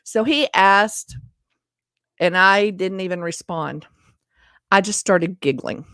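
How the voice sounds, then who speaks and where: A woman's voice: medium pitch, slow pace, a bit bright, no room sound, studio quality. A woman vlogger telling a personal story in a chatty, self-deprecating way, speaking straight to her viewers. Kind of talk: casual storytelling to camera.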